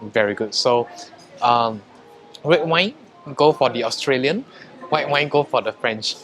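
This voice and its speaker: A man vlogging a casual review of hotel food, wine and rooms, chatty, with frequent pauses and fillers. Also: mid-range voice, a bit bright, soft background music.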